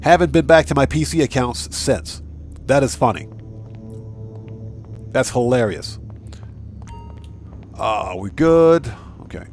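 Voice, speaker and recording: A man's voice: medium pitch, big pitch swings, normal speed, pauses often, darkish tone, faint music behind. A man hosting a casual gaming live stream, chatting with viewers, thanking them by name and reading out their messages. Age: adult with a wife and child.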